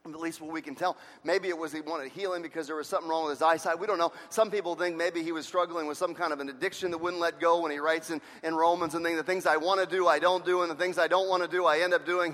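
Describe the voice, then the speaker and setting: A man preaching a sermon with passion, swinging between loud shouts and hushed, quiet lines. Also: a little high, fairly even intonation, fast, hardly any pauses. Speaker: pastor. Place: church sanctuary. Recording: long reverb of a large hall.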